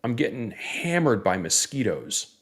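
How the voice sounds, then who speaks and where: A man's voice: medium pitch, big pitch swings, a little slow, fairly bright tone. A man from Northeast Florida co-hosting a casual sports podcast, easygoing and rambling, with plenty of fillers and restarts. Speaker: podcast co-host.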